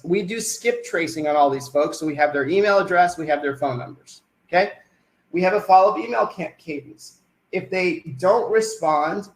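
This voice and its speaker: A man's voice: a little high, roomy sound, rough recording. A man giving a webinar sales presentation, putting questions to the attendees and then answering them himself.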